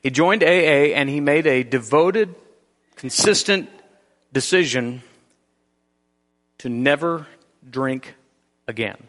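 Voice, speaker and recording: A man preaching a sermon in a church, earnest, with slow emphatic phrases and frequent restarts. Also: on the high side, a bit bright. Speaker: pastor. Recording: long reverb of a large hall.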